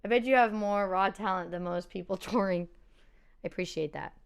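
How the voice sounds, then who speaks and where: A woman's voice: medium pitch, fairly quick, smooth. A woman chatting on a live stream, laughing often and reading out viewer comments. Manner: reads viewer comments aloud. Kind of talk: casual live-stream chat.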